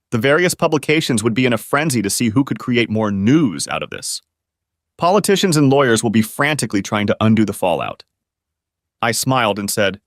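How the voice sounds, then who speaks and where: Male narrator with a lively, dry read. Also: medium pitch, dry recording. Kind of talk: first-person story narration.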